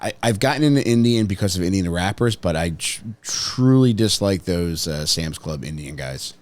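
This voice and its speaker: Laid-back low-voiced teasing man. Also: lively intonation, moderate pace, dry recording. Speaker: podcast co-host. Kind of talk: casual comedic banter.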